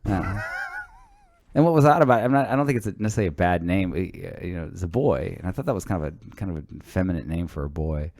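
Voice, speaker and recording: Low-voiced man telling stories, dry sound. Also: lively intonation, fast, a little mellow, no room sound. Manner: storytelling, stammering restarts, swears casually. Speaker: podcast co-host; teacher. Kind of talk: casual chat.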